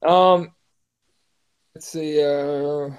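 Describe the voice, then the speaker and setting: A man's voice: fairly high pitch, steady tone, extremely slow, clear, resonant tone. A man hosting a casual fight-talk show, retelling events in a laid-back way and reading viewer comments. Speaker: podcast host.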